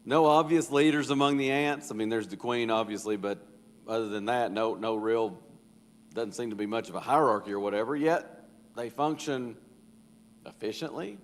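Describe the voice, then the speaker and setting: A man's voice: medium pitch, moderate pace. A man leading a casual Bible study, folksy and conversational, acting out quotes in a church room. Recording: reverberant church hall.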